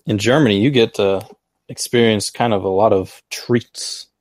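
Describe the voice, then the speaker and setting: A man's voice: on the low side, normal speed, no room sound. Easygoing American man, dry close sound. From United States. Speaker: podcast host. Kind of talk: casual chat. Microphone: video call.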